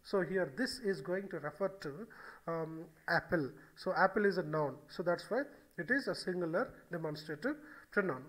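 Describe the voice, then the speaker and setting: A man's voice: high voice, moderate pace, fairly bright tone, low-quality recording. A man giving a recorded grammar lecture, explaining step by step and repeating key phrases, with frequent "okay" and "so". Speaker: English grammar teacher.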